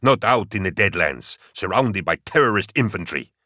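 A man's voice: low-pitched, animated, moderate pace, pushed and bright, no echo, studio quality, exaggerated voice. A man voicing a sneering, defiant male driver with an acid, jeering manner.

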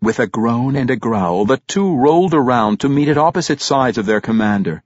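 A man narrating a fantasy audiobook with a dramatic, expressive reading. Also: medium pitch, moderate pace, dry recording, muffled recording.

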